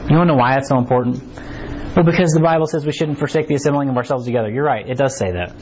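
A man's voice: mid-range voice, racing, darkish tone, slight background noise. A man preaching a conversational sermon to a small congregation in a church, often asking "right?". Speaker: pastor. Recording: slightly dull recording with faint ambience.

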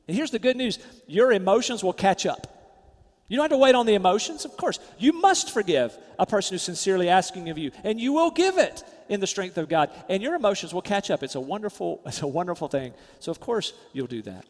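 A man preaching a sermon as pastor, emphatic, rising loud then dropping to quiet, soft asides. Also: high-pitched, sing-song, a little fast, big-room sound.

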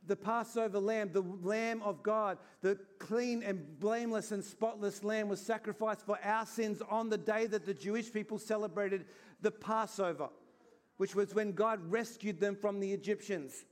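Pastor, male, high voice, earnest conversational sermon delivery. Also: moderate pace. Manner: earnest, conversational preaching with acted-out asides. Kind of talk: Easter sermon.

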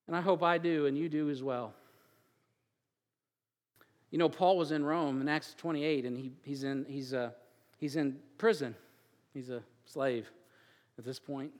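A man preaching a sermon, moving from quiet joking asides with chuckles to loud, emphatic build-ups. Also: a little high, fairly even intonation, unhurried, long pauses, in a large hall. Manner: chuckles and jokes between scripture readings. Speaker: pastor.

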